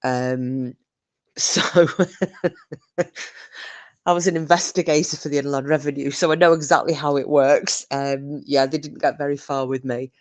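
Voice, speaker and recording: A woman's voice: low-pitched, fairly even intonation, a little slow, pauses often, a little mellow. A British woman chatting casually on a livestream, reading comments and telling a rambling story full of restarts. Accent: British English. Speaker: livestream host. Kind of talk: casual live chat reading viewer comments.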